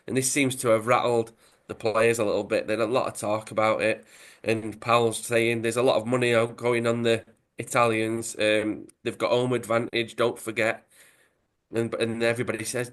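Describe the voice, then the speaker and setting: British guy rambling through a comic recap, casual, mid-pitched. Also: level tone, normal speed, a bit bright. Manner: rambling recap with fillers and asides. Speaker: podcast host retelling a comic. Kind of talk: casual chat.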